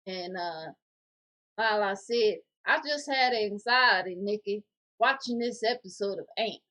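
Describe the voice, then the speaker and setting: A woman co-hosting a casual podcast, reading viewer comments aloud in a jokey, animated way. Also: mid-range voice, a little slow.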